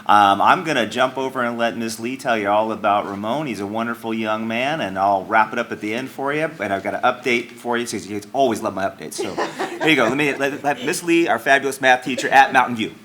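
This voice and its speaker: School principal introducing a speaker; jovial and light, with a mid-range voice. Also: male voice, mid-range voice, brisk, hardly any pauses, fairly bright tone. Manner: jovial, joking. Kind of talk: ceremony introduction.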